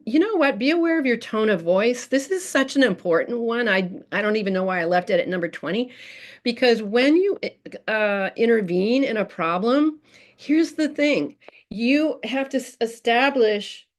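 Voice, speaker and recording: A woman presenting a parenting workshop in an informal, chatty way, with many fillers and restarts. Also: medium pitch.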